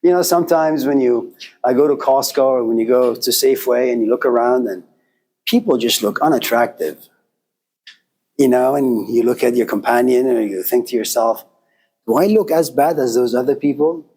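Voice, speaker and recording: A man's voice: medium pitch, normal speed, a little mellow. Guy lecturing on philosophy, telling a story, chatty, says you know a lot. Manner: conversational, uses "you know" often.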